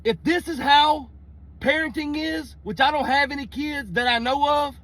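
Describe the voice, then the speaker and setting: A young man from Mississippi with a Southern accent, telling a profane, animated comedy story in Southern slang. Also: very high-pitched, normal speed.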